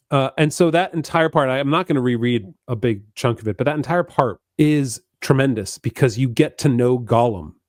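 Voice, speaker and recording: A man's voice: mid-range voice, a little mellow, no room sound, studio quality. A man co-hosting a podcast, talking eagerly about a book with frequent stammered restarts. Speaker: podcast co-host. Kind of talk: casual book discussion.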